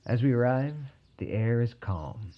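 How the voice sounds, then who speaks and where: A man narrating a personal story in a calm, wry way. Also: mid-range voice, unhurried, lo-fi sound.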